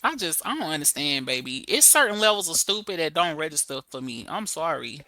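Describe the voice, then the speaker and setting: A young woman hosting a casual livestream, sassy and emphatic, chatting with viewers and softly reading out their comments. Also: deep voice, sing-song, a little fast, no echo. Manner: drops to a soft murmur reading viewer comments. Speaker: livestream host reading chat.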